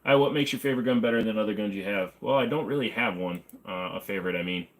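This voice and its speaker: A man's voice: on the low side, very fast. Joking man reading his live chat. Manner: joking, offhand, hums and scats to himself. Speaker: livestream host answering chat questions. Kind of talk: casual livestream chat. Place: home room with guns on the wall behind him.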